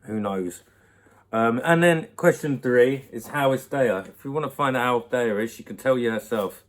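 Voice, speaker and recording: At a moderate pace and medium pitch, a young man chats at home into his laptop mic, answering questions from viewers of his own channel. The mood is playful and laugh-filled, and he speaks to a baby along the way.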